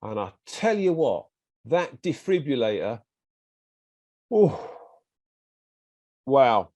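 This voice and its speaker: An English man with an English accent, a guest in an interview, telling a personal story in a lively way and acting out what other people said to him. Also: medium pitch, takes it slowly, no room sound. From England. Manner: animated, acts out quoted speech of others.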